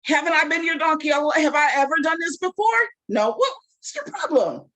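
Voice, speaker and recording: A woman's voice: high-pitched, lively intonation, normal speed, a bit bright, pitched above the performer's own voice. A woman doing a sassy talking donkey. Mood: indignant. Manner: sarcastic, exasperated.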